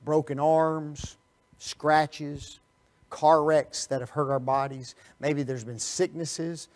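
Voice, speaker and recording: Animated preacher man, rather high voice. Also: takes it slowly. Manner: animated, rhetorical questions to the audience; swings from quiet asides to loud emphatic bursts. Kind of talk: Bible study sermon.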